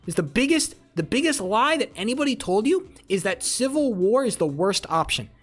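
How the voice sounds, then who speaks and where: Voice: mid-range voice, sing-song, normal speed, soft background music. A live streamer in a casual political rant, heated and profane, repeating phrases for emphasis and answering chat. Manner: talks back to chat messages.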